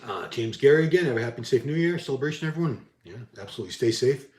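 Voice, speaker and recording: A man's voice: mid-range voice, expressive, racing, a little mellow. A man chatting casually about his bodybuilding past and reading out viewer comments, candid and self-deprecating, often trailing off and restarting. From Boston area. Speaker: bodybuilding vlogger. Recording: echoey room.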